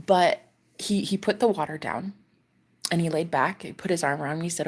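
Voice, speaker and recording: A woman vlogger casually telling a personal story to her viewers, animated and swearing, often dropping into a whisper. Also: sits low, normal speed, breathy edge.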